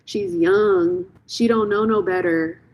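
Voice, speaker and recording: A young woman hosts a tarot live stream with a husky, slightly breathy voice. She speaks unhurriedly and gives frank, blunt opinions. She repeats phrases for emphasis. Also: fairly low pitch, slow, a little mellow, low-quality recording. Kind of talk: casual live-stream chat.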